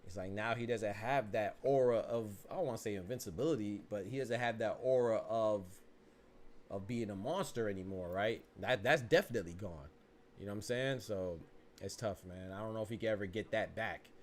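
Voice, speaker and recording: A man hosting a podcast, giving casual, animated, rambling commentary that keeps circling back to "you know what I'm saying.". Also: fairly low pitch, brisk, slight background noise. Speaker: podcast host.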